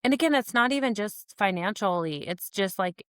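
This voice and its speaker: A woman's voice: medium pitch, lively intonation, normal speed, no echo, studio quality. A woman co-hosting a podcast in casual chat, rambling with lots of "like"s and restarts and laughing between thoughts. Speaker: podcast co-host.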